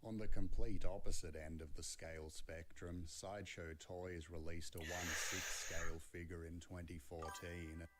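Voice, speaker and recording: A man reading a scripted video essay in a measured, analytical way. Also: deep voice, little pitch movement, loud music behind the voice. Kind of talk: scripted narration.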